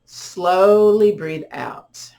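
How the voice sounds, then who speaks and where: Middle-aged female yoga teacher, lower voice, gentle guided meditation with counted breaths. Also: loud music behind the voice. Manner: slow, soothing cues with counted breaths. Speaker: yoga and tai chi instructor.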